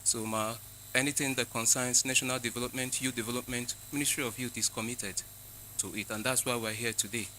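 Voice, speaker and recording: Forceful, bright Nigerian official reading out formal greetings. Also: male voice, medium pitch, steady tone, brisk, slight background noise, low-quality recording. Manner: formal, runs through protocol greetings. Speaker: government representative. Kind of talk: formal welcome address.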